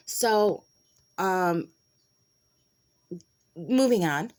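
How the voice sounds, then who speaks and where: A middle-aged woman talks straight into a handheld camera, retelling a run-in in a loose, chatty way. Her voice sits a bit low for a woman. Now and then she slips into hushed asides before picking the story back up. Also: animated, normal speed. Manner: chatty, retells conversations and drops into whispered asides. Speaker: vlogger.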